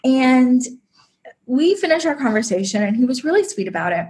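A woman on a podcast tells her own story in a high voice with big pitch swings and a somewhat dark tone, at normal speed. The delivery is emotional and conversational, packed with "like."

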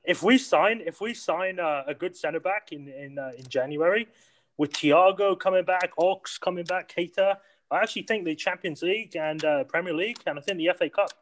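Excitable high-voiced man. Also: moderate pace. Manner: laughing, swearing, excitable. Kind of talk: casual football chat.

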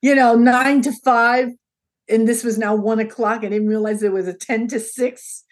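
A woman's voice: on the high side, normal speed. An older woman being interviewed as a guest, telling a story in a casual way and acting out the lines of each person in it. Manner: animated, acts out quoted dialogue in changing voices.

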